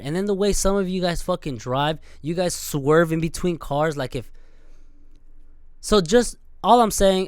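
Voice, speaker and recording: A young man hosting a podcast, ranting in an animated, profane way and acting out scenes with sudden loud outbursts. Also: on the high side, clear, resonant tone, no room sound, clean studio sound. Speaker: podcast host. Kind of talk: profane solo rant.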